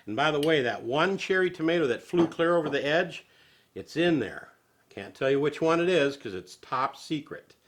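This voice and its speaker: A man's voice: a little high, lively intonation, moderate pace. A man hosting a home cooking show, chatting in a homespun, folksy way and chuckling as he goes.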